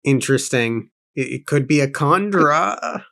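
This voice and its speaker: A man's voice: fairly high pitch, expressive, measured pace, gravelly, fairly bright tone. A man co-hosting a book-club podcast, reading aloud and musing in a thoughtful, self-correcting way. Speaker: podcast co-host.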